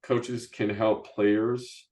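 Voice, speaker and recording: A man's voice: on the low side, flat delivery, extremely slow, a little mellow. A middle-aged man hosting a podcast interview, chatting casually with many restarts and "you know, right?" asides. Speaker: podcast host and youth basketball coach.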